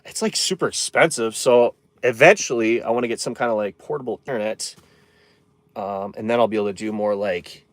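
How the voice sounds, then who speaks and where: A man's voice: mid-range voice, dry recording. A man live streaming from inside his camper van, chatting casually and rambling while reading viewer comments aloud.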